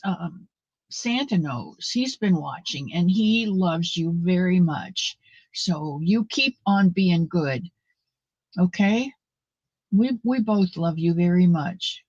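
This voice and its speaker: A woman's voice: on the low side, animated, takes it slowly, breathy edge, no room sound, exaggerated voice. A woman voicing a kindly, motherly Mrs. Claus who coaxes a child to be good, in dull lo-fi livestream audio. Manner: motherly, coaxing children to behave.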